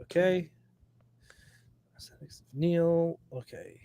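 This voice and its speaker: A man's voice: on the high side, very slow, warm tone, clear, resonant tone, no room sound. A man co-hosting a casual podcast, laughing often and reading wiki entries aloud. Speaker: podcast co-host. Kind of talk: casual chat while browsing a wiki.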